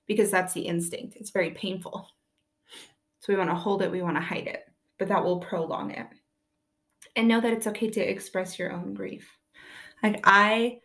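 Young woman, parent; soft-spoken, earnest, informal teaching tone, repeats key points. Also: medium pitch. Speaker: parent giving advice on children's grief. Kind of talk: informal teaching talk to viewers.

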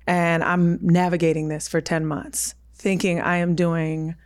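A woman's voice: on the low side, level tone, a little slow, darkish tone. A woman in her thirties, a podcast guest, telling a personal story in an emphatic, vivid way. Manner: emphatic, repeats "listen", vivid retelling.

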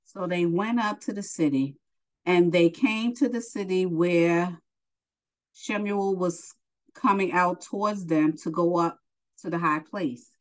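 A woman's voice: fairly low pitch, unhurried, low-quality recording. A woman teaching a Bible lesson, reading scripture aloud and stopping to explain it in casual asides.

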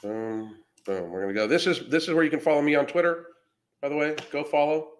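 A Florida man hosts a podcast livestream, reading comments aloud in a fairly quick, highish voice. He mocks the trolls in a brash, profane, casual way.

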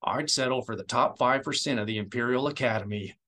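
A man's voice: mid-range voice, a little fast, bright, forceful tone, close to an everyday voice. A man voicing a stern male senator who turns grieving and desperate, with clipped, urgent pleading in an audiobook. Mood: sour. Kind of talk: audiobook character voice.

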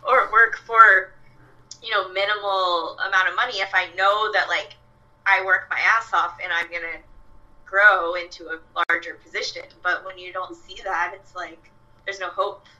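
A woman's voice: lowish voice, steady tone, normal speed, sharp tone, dull audio. A young woman, a fitness coach, chatting casually with lots of fillers and quoted asides. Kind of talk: casual podcast chat. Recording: voice a bit far from the mic.

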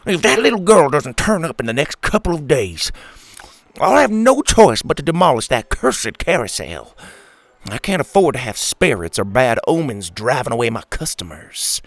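Brief: smug, whiny fairground owner, put on by a man, loud and bossy, high. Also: big pitch swings, normal speed, creaky, dry recording, heavily acted. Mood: scheming. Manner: bossy, snapping.

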